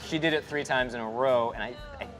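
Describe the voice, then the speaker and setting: A man's voice: mid-range voice, brisk, music in the background. A man host in a casual panel chat with a dry, mock-sinister humor. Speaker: show host.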